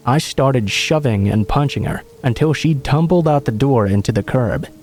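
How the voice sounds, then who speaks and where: A man reading a true scary story aloud in measured, dramatic narration. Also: medium pitch, animated, darkish tone, soft background music.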